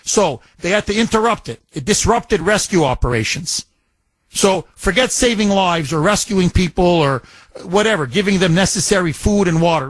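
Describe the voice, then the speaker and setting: A man's voice: sits high, animated, normal speed, no echo. A man co-hosting a talk radio show, ranting with indignation, repeating and restarting his phrases.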